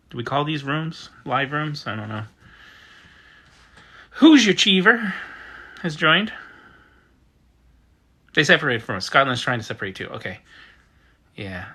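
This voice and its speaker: American man, livestream host, mid-pitched, very bright timbre, chatty and loose, reacts to comments. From United States. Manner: chatty, reads out usernames and reacts. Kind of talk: casual chat reading viewer comments.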